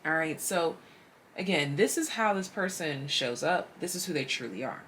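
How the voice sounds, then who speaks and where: Lower-voiced woman doing a tarot reading, chatty and slangy, faint hiss behind. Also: expressive, moderate pace, a bit bright. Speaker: tarot reader. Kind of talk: casual tarot reading to camera.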